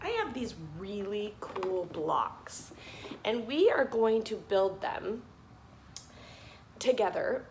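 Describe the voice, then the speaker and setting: A woman who is a preschool teacher, leading a circle time for small children in a slow, sing-song, encouraging way. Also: mid-range voice, lively intonation, a little mellow. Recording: echoey room with faint background noise.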